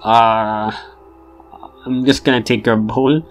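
A man's voice: mid-range voice, fairly even intonation, takes it slowly, faint music behind. A man giving casual game commentary, with wry remarks and chuckles as he plays. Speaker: gamer.

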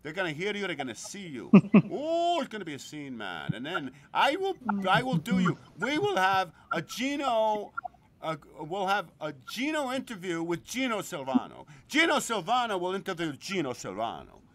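A man's voice: high voice, huge pitch swings, moderate pace, fairly bright tone. A man hosting a podcast in a crude, joking casual chat, laughing often. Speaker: podcast host.

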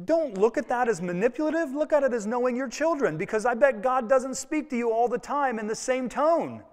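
A man's voice: extremely high pitch, lively intonation, fairly quick. A male pastor preaching a sermon to his congregation in a conversational, folksy way, with personal asides. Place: church sanctuary with congregation. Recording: long reverb of a church hall.

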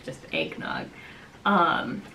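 A woman's voice: rumbling low, wildly swooping pitch, extremely slow, gravelly, sharp tone, soft background music, low-quality recording. A woman hosting a casual trivia game on her vlog, laughing often and teasing playfully. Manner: giggly, playful.

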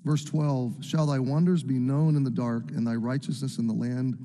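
A man's voice: medium pitch, fairly even intonation, moderate pace, mellow. A man preaching a sermon, reading scripture and acting out the psalmist's cries with a rising voice. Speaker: pastor. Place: church sanctuary. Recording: echoey hall with long reverb.

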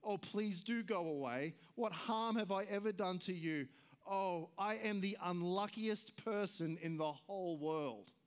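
A man's voice: high voice, measured pace, clear, resonant tone. Young boy, frightened and lonely, pleading storybook lines, read by a man. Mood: anxious. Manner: anxious, pleading.

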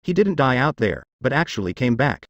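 An arrogant young bully who mocks others as a male narrator puts him on. The pitch moves around a lot, but the reading stays even, with a close, dry sound. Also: fairly quick, dry recording, muffled recording. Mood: mocking.

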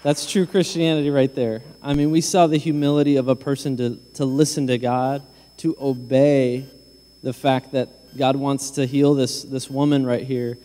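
A pastor addresses the congregation in a mellow, warm voice. He speaks earnestly and stumbles over a few words, and his voice carries through a reverberant sanctuary. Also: mid-range voice. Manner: earnest, with repeated word restarts. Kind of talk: sermon. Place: church sanctuary.

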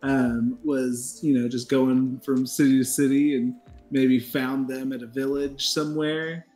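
A man player describing his character in casual game chat, halting, with many pauses and fillers. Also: mid-range voice, flat delivery, mellow, faint music behind. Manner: hesitant, halting, many ums.

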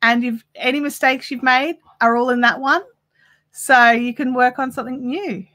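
A woman chats on a live stream while she crochets. Her voice is bright and a little high, and she talks straight to the viewers as she reads their comments out. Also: steady tone, normal speed. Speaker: crochet livestream host.

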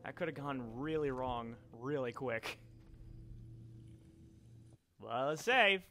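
A young man giving casual, sweary commentary on a video game he is playing, turning excitable and yelling whenever things go wrong. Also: mid-range voice, slow pace, slight background noise. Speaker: let's play commentator.

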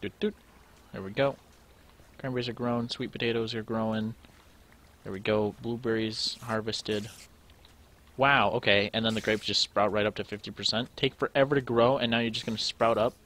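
A man's voice: on the low side, steady tone, moderate pace, fairly bright tone. A young man thinking aloud to himself as he plays through a game, in casual commentary. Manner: thinking aloud, musing to himself while sorting items. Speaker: let's play gamer.

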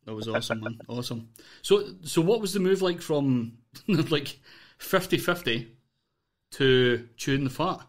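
A male podcast host with an easygoing, informal delivery. He circles around his questions with fillers and restarts before landing them, and his voice sits at a middling pitch. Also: expressive, unhurried. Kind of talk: casual interview.

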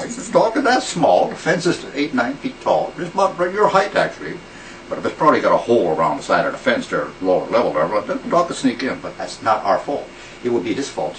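A man's voice: lowish voice, a bit bright. A man in casual, rambling banter, swearing and wisecracking as he talks. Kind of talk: casual banter in a prank skit. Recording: distant mic with faint background noise.

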